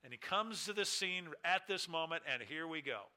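Male preacher, bright and edgy tone, slightly high, emphatic delivery with big dynamic swings. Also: expressive, moderate pace. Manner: emphatic preaching with wide swings in pitch and volume. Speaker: pastor. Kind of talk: sermon.

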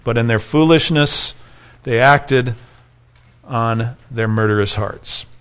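A man's voice: medium pitch, takes it slowly, a bit bright, clear, resonant tone. A man preaching an expository sermon, reading scripture aloud and explaining it, rising in intensity when he voices the people in the text. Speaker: pastor.

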